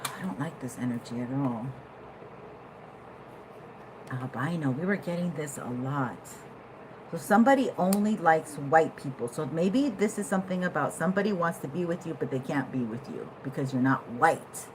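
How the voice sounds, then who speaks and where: Woman, lower voice, chatty tarot reader, swings between hushed musing and loud laughing outbursts; faint room hum behind. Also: moderate pace. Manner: animated, laughing, swings from low musing to loud excited bursts. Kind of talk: casual tarot reading to camera.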